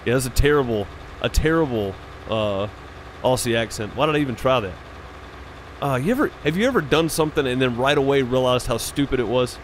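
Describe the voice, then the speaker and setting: A man chatting casually with his viewers during a live farming-game stream. His voice sits at a medium pitch and he talks in an unhurried, rambling way, dropping fillers as he goes. Faint background noise sits under the voice. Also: animated. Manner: laid-back and rambling, with frequent "uh" and "man".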